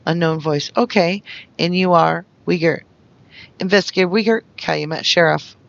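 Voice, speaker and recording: A gravelly, creaky voice reads police transcripts aloud, calling out speaker names and pauses in an even, flat way. The recording is dry and a little dull, like a lo-fi home mic. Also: mid-range voice, dry recording. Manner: reads out speaker labels and stage notes flatly. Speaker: reader of investigation reports.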